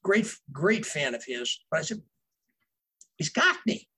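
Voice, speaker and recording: A man's voice: a little high, expressive, moderate pace, sharp tone, husky, low-quality recording. A man, a novelist guest, telling casual behind-the-scenes stories in a rambling way, with fillers and restarts. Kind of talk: casual storytelling.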